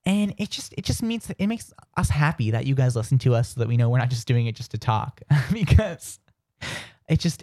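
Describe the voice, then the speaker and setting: A man's voice: mid-range voice, a little mellow, no room sound, studio quality. A man co-hosting a radio show in casual chat, chatty and teasing, often trailing off and restarting.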